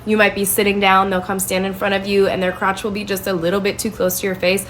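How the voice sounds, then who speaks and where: A woman's voice: mid-range voice, monotone, quick pace, fairly bright tone, slight background noise. A young woman telling a personal story in a vlog clip, exasperated, quoting herself and others.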